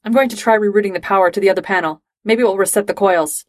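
A frantic young cadet calls out urgently over the work, as a woman puts the voice on. The voice lifts a little higher and louder than the narration. The sound is dry and close. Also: rapid-fire, no echo, natural voice.

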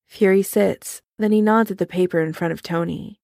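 A woman giving a calm, measured fan fiction audiobook narration. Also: fairly low pitch, gravelly, dry recording, clean studio sound.

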